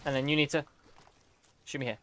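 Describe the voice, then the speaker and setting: A man streaming a video game, talking to it excitably with yelps and groans. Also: a little high, fairly quick, slight background noise.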